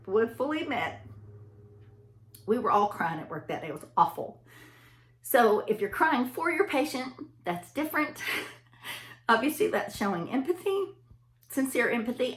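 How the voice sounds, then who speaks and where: A woman's voice: mid-range voice, slight background noise. Chatty woman in an echoey room. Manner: chatty storyteller addressing listeners directly. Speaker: anesthesia provider. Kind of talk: casual motivational talk.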